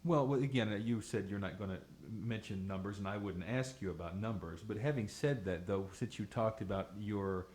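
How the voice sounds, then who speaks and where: A man interviewing a veteran radio DJ for an oral history, asking measured questions. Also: on the low side, a little mellow, a little hiss or hum.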